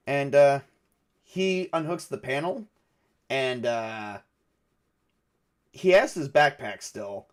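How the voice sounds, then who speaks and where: A man's voice: medium pitch, animated. Rambling man narrating a solo game. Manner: halting, rambling with many fillers. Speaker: game master.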